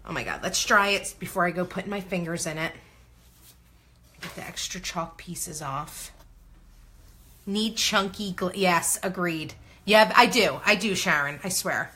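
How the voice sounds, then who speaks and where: Female vlogger, 30s, bright voice, excitable and chatty, hosting a crafting video. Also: on the low side, a little slow. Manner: bubbly, exclamatory, talks to viewers while working. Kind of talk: casual crafting tutorial chat.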